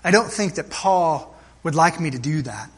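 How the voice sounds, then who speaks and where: A preacher doing a polite young farm boy, folksy and apologetic, with a husky, fairly high voice. He keeps his worry low-key, told as a story from the pulpit. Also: lively intonation, normal speed. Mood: worried.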